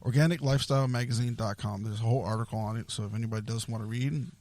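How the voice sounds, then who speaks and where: A man's voice: mid-range voice, fairly even intonation, very fast, darkish tone. A man hosting a casual podcast, reading an article aloud and stumbling over long words. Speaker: podcast host.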